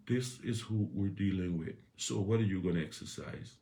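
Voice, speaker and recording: Low gravelly guy doing a morning faith talk, repeats lines, gets loud. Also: normal speed, hardly any pauses. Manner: repetitive, rises to loud emphatic peaks. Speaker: inspirational speaker.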